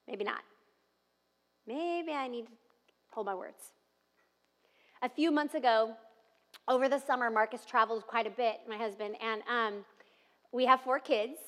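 A woman in her thirties preaching a sermon, telling family stories and dropping to soft, tender tones. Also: high-pitched. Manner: warm storytelling with soft tender asides and laughs. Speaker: pastor. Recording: long reverb of a large hall.

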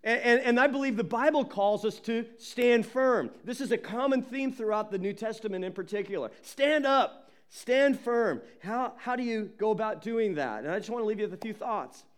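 A man preaching a sermon as pastor, emphatic and animated, often repeating words as he builds. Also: high-pitched, normal speed, few pauses.

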